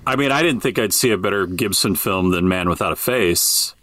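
A man co-hosting a casual comedy podcast, dryly sarcastic and quick to agree. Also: low-pitched, no room sound. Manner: dry, deadpan sarcasm, agreeable. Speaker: podcast co-host.

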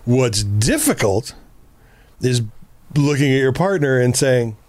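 Speaking slowly at medium pitch on a dry recording, a man co-hosts a casual relationship advice podcast. He talks bluntly with plenty of profanity and animatedly reenacts things he's said.

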